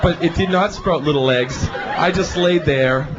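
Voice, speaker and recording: A male stand-up comedian with a high voice, animated and shouting now and then as he acts out scenes. Recorded live on a club stage, sound dull, the audience loud and noisy behind. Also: measured pace, a crowd in the background. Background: audience laughter.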